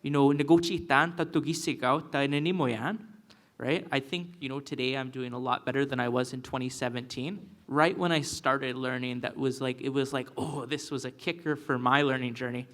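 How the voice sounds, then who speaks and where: A man speaking on a panel, telling stories with animation and mixing in words. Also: normal speed. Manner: animated storyteller, acts out quoted elders in high voices. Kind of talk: panel discussion.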